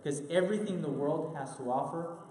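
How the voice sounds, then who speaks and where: A man teaches from the Bible in an earnest preaching style, hammering his points home by repeating them. His voice sits a little high for a man. The sound is roomy, with a long reverb trailing off the walls of a church hall. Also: a little fast, mellow. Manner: earnest, repeats key lines for emphasis.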